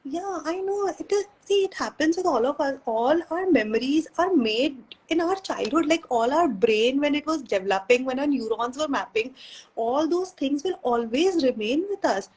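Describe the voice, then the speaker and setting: A woman's voice: sits high, expressive, normal speed, darkish tone, rough recording. A woman chatting on a parenting live stream, giving earnest advice and slipping in Hindi phrases. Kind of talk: casual live chat.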